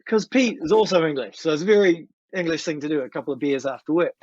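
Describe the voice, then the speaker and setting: A man in his fifties with a New Zealand accent, telling a story as a podcast guest in an animated way and acting out what people said. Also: a little high, fast, no echo, highs cut off. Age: 50s. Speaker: guest musician. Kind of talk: casual storytelling.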